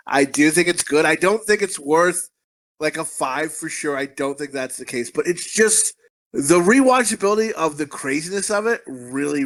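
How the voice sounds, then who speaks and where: A man with a fairly high-pitched, slightly bright voice co-hosts a movie podcast. In casual chat, he tells long, crude, rambling stories packed with swearing.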